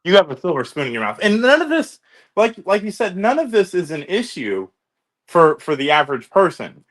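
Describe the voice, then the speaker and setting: Casting: slightly high-voiced male co-host, conversational, opinionated. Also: huge pitch swings, brisk. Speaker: co-host reacting to a video. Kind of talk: casual reaction chat.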